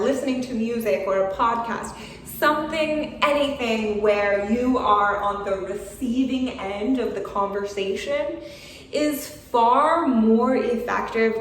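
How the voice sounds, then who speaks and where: A woman's voice: medium pitch, slight background noise. A woman teaching an English video lesson, talking frankly and encouragingly with little laughs. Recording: echoey room, voice from a distance.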